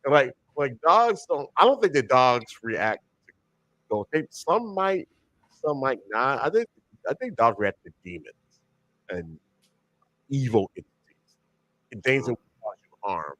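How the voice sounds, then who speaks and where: A man co-hosting a podcast in casual chat, rambling and animated, with many restarts and slang. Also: medium pitch, a little slow, long pauses. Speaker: podcast co-host.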